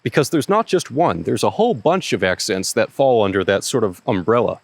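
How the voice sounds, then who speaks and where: Low-voiced American man explaining methodically. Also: big pitch swings, creaky, no echo. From United States. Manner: measured, methodical, explains point by point. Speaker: historical reenactor, channel host. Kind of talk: explanatory talk to camera.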